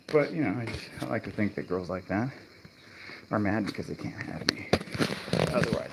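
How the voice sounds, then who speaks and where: A real estate agent streams casually on his mobile phone while canvassing homes outdoors, rambling to himself between doors. His fairly low, gravelly voice is expressive at a moderate pace with long pauses, and heavy background noise surrounds him.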